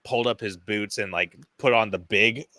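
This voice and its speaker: Excitable man gushing over a movie. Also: lowish voice, moderate pace, no room sound. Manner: excitable, swears often, acts out scenes in quoted voices. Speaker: podcast co-host. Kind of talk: casual movie review chat.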